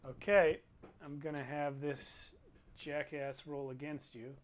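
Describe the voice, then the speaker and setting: A man running a tabletop game as game master, thinking aloud over the rules in an unhurried way. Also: a little high, little pitch movement, a crowd in the background.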